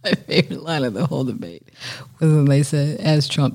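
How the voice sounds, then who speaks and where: A woman's voice: low voice, brisk, gravelly. A woman hosting a solo podcast, chatting casually and rambling, swearing freely and dropping into whispers. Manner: chatty, profane, rambling, with sudden soft whispered asides. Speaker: podcast host.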